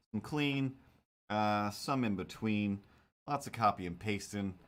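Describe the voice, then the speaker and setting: Self-mocking male cartoonist streamer, lowish voice, loose rambling chat. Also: fairly bright tone. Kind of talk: casual chat while drawing on stream.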